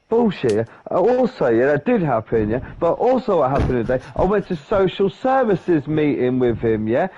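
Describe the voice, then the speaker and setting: Sweary man telling a story. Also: mid-range voice. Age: 30s. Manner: sweary, animated, acts out voices. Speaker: podcast co-host. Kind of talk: casual storytelling. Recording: dull lo-fi sound with faint noise.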